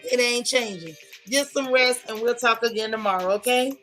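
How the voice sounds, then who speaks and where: A woman's voice: a little high, moderate pace, pushed and bright, faint music behind. A woman hosting a casual gossip livestream, chatting with viewers in a sassy way and repeating lines for emphasis. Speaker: host of a gossip and TV recap livestream.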